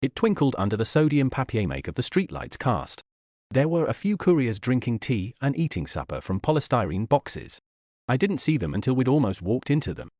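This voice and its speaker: A man narrating an audiobook in an expressive, wry manner on a studio mic. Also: mid-range voice, brisk, no echo.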